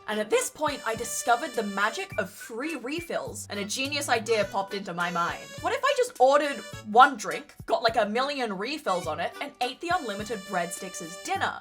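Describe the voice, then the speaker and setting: A woman with an Australian accent narrating her own vlog in a casual, blunt, self-mocking way with plenty of swearing. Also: fairly high pitch. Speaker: vlogger narrating her trip. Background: faint music.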